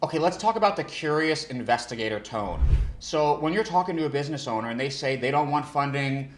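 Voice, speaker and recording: A male sales trainer giving an energetic coaching talk who restarts his sentences and demonstrates different tones. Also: fairly high pitch, brisk, roomy sound, slight background noise. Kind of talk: instructional talk.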